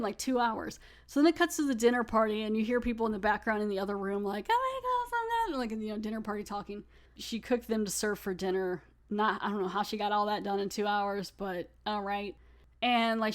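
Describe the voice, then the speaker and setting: A woman hosting a podcast, reviewing a TV episode in a chatty, amused way with lots of fillers. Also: medium pitch. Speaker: podcast host. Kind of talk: casual chat, episode review.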